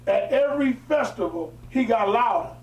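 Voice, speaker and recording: A man's voice: very high-pitched, animated, moderate pace. A man teaching in a religious setting. He reads a historical text aloud and breaks into emphatic, colloquial preaching asides. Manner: switches from formal reading to emphatic colloquial asides. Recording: echoey room, distant mic.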